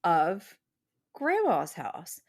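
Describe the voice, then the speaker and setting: Co-animatrice de podcast, voix de femme un peu grave, récit décousu et bavard. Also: female voice, fairly low pitch, wildly swooping pitch, very slow. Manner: rambling storyteller, many "like" fillers. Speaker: podcast co-host. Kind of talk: casual chat.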